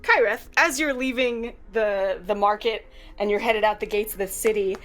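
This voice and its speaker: A woman's voice: medium pitch, normal speed, a bit bright, faint music behind. A woman narrating as game master in a chatty, laughing manner. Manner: chatty, laughing, with filler words.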